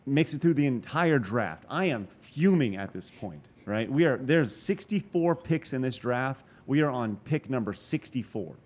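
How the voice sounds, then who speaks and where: A man in his forties telling a long story as a podcast guest, animated and profane, with quick asides and restarts. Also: mid-range voice. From Texas. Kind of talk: casual storytelling interview.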